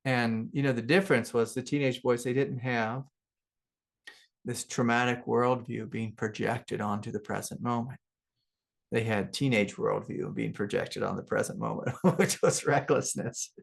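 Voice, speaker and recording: Gravelly casual man telling a story. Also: medium pitch, steady tone, moderate pace. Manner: rambling, casual, many fillers and soft laughs. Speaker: spiritual teacher. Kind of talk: relaxed satsang talk with personal stories.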